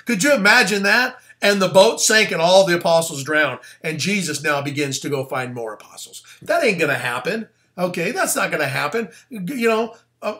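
A man, the pastor, giving a casual, animated sermon full of slang and asides. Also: fairly high pitch.

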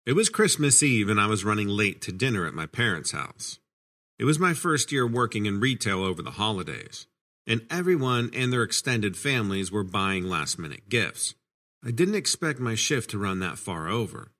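Lively low-voiced male horror narrator. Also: moderate pace. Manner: casual, conversational storytelling. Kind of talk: scripted first-person horror narration.

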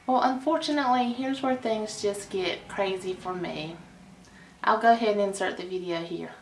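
Woman vlogger, gushing chatty storyteller, mid pitch, echoey room. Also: moderate pace, background noise. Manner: chatty and gushing, with sighs and laughs. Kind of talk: casual storytime.

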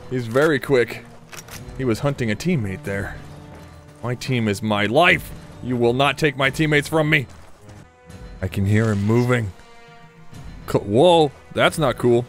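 A man's voice: medium pitch, a little slow, long pauses, fairly bright tone, soft background music. A man giving joking, mock-dramatic commentary while playing a shooter game, taunting his enemies. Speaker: gaming video creator. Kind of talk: playful gameplay commentary.

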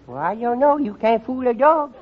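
A man's voice: extremely high pitch, expressive, moderate pace. A man voicing a mischievous, wheedling little boy who talks in giggly, ungrammatical baby talk in a 1940s radio comedy. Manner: lisping baby talk, giggly, bad grammar. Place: radio studio before live audience. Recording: muffled vintage radio, audience laughter, hiss.

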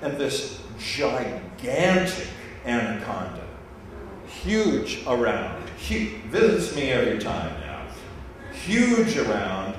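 A man telling a story to a live audience, animated and laughing as he goes. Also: medium pitch. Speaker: speaker. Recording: echoey hall, distant mic, noisy.

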